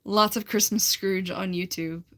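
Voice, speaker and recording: A woman's voice: medium pitch, steady tone, unhurried, bright, forceful tone. A young American woman chatting casually on a livestream, rambling and laughing as she answers her chat. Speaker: livestream host.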